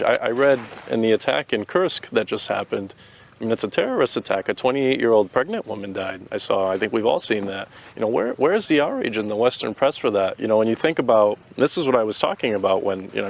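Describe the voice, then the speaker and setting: An American man, a volunteer fighter, answers interview questions outdoors in an earnest, opinionated way, often restarting his sentences. His voice is fairly low and gravelly, very animated, with a quick pace.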